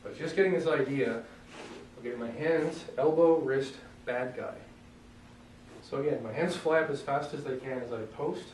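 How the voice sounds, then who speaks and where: A man coaching strikes in a loose, joking, hands-on way, stopping now and then to clear his throat. His voice comes from well away from the mic, bouncing around a roomy space, with a faint hum of ambience behind him. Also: mid-range voice, moderate pace, darkish tone, distant mic. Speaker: self-defense instructor. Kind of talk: casual demonstration lesson.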